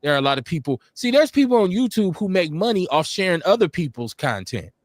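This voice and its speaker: A man hosting a casual live-stream talk show, animated and mimicking other voices as he tells stories. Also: high-pitched, fast talker, no echo. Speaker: podcast host.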